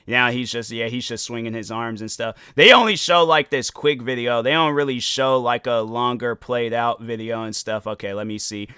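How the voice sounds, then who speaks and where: A man's voice: medium pitch, moderate pace, few pauses, sharp tone, clear, resonant tone, dry recording, studio quality. A young man hosting a podcast, giving rambling, slangy commentary on a viral video. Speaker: podcast host.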